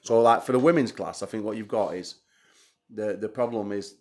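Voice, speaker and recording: Host, male, low-pitched, crude teasing banter. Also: normal speed, darkish tone. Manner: crude, teasing, laughs often. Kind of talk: casual banter.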